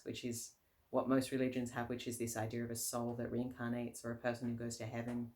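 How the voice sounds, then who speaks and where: A woman's voice: extremely low pitch, a little mellow. A woman, a Buddhist nun and teacher, giving a casual, conversational dharma talk, often laughing and circling back with fillers and restarts.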